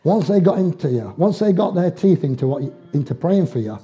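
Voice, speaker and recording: A man's voice: fairly high pitch, expressive, brisk, dark tone, lo-fi sound, soft background music. An older man preaching a sermon, telling homely stories in dialect with chuckles along the way. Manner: folksy storytelling with dialect and chuckles.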